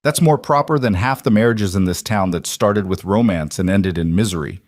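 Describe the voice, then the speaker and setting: A man's voice: on the low side, moderate pace, no room sound, natural voice. A man voicing an old frontier widow who scolds the town bluntly. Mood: scolding. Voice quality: cane-tapping elder, scolding.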